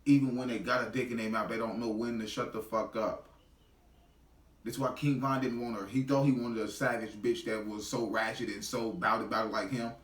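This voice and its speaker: A man's voice: mid-range voice, steady tone, a little fast, roomy sound, recorded from a distance. A man giving a heated, profane reaction commentary in blunt street slang.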